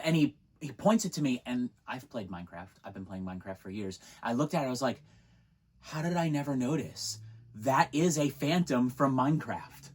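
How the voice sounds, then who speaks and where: Husky-voiced woman telling stories. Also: extremely low pitch, fairly quick. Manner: animated storyteller, acts out quoted voices, laughs. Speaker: co-host. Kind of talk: casual storytelling chat.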